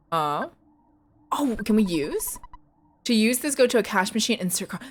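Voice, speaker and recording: A woman streamer chatting casually with her viewers while playing a game, giggly and excitable, squealing when she greets people. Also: medium pitch, measured pace, long pauses. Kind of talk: casual livestream chat with viewers.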